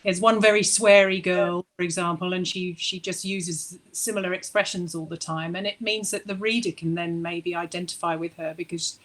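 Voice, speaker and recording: A woman's voice: on the low side, fairly even intonation, moderate pace, hardly any pauses, a bit bright, rough recording. A woman author chatting on a panel over a video call, with frequent restarts and fillers. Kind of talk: casual panel discussion.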